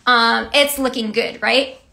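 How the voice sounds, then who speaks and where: A woman's voice: on the high side, steady tone, slow pace, creaky, pushed and bright. A woman giving a casual devotional teaching. She talks in a chatty way, often asks "right?" and laughs lightly. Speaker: Christian teacher and vlogger.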